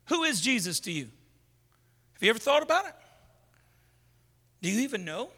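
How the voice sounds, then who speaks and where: Very high, sharp-toned preacher man. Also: normal speed. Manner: casual, animated, digressive, builds to shouts. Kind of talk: sermon. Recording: long hall reverb.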